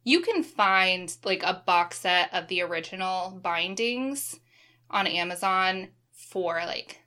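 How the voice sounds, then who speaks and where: Bright casual woman. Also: fairly low pitch, takes it slowly. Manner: relaxed, swears casually, enthusiastic. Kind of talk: casual chat.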